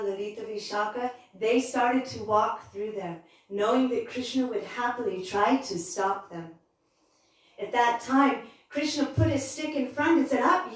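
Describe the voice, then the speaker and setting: High-voiced woman telling a devotional story. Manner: lively, animated storytelling. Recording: very echoey, from far off.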